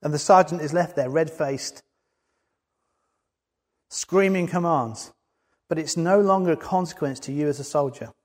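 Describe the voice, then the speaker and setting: A man's voice: a little high, a little slow, pauses often, darkish tone. A man preaching a sermon in an earnest way, building to emphatic peaks. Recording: long hall reverb.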